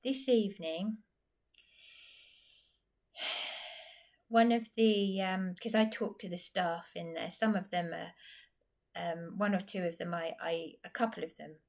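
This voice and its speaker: A woman's voice: fairly low pitch, steady tone, takes it slowly, pauses often. A woman, recounting a story in a rambling, agitated personal vlog. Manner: agitated, rambling retelling with restarts. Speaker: vlogger.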